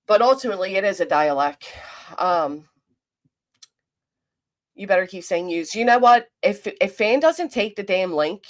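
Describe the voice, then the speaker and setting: A woman with a South Jersey accent near Philadelphia hosts a casual live stream. She is blunt and mocking, swears freely, and reads her chat aloud between rants. Her voice sits at an ordinary middle pitch. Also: lively intonation, moderate pace, long pauses. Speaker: commentary streamer.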